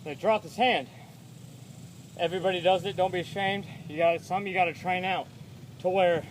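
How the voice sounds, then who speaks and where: Winded boxing coach calling out punches. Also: male voice, high voice, moderate pace, a little hiss or hum. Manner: plain, coaching talk, calls out punch numbers. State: out of breath. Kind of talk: instructional demo of combos. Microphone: phone camera.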